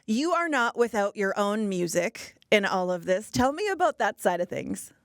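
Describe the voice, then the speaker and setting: A woman's voice: medium pitch, big pitch swings, normal speed, no echo, clean studio sound. A woman interviewing a guest, asking friendly, curious questions.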